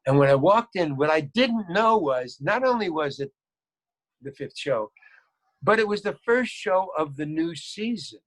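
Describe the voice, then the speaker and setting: Male guest spinning an anecdote, lively and acting out each voice, a touch high-pitched. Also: measured pace. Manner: animated, acts out quoted lines, repeats words. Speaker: guest actor. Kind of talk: storytelling anecdote.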